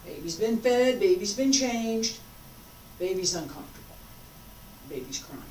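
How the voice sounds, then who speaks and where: Female qigong instructor, unhurried and soothing, heard from a distance in an echoey room. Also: medium pitch, animated, a little mellow, slight background noise. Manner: slow, coaxing, drawn-out phrases with long pauses. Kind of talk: guided qigong class. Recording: roomy sound from a distant mic.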